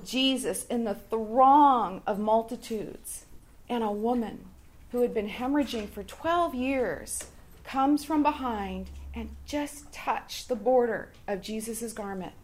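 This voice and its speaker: A woman giving an earnest devotional reflection to a Bible study group, speaking deliberately with pauses between phrases. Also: on the high side.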